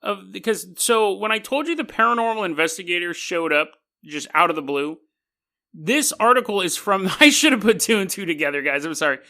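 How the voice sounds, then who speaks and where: A man with a high, animated voice rambles through a story on his podcast. His tone is bright and keen, and his delivery is wry and skeptical, with laughing asides. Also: fairly quick. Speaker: podcast host. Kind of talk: casual storytelling monologue.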